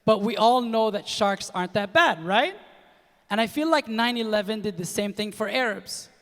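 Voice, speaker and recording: A young man from Kuwait performs stand-up comedy, animated and slipping into other people's voices as he tells his stories. His voice sits high, and the live show rings with long hall reverb. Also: moderate pace. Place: comedy stage in a large hall with a live audience.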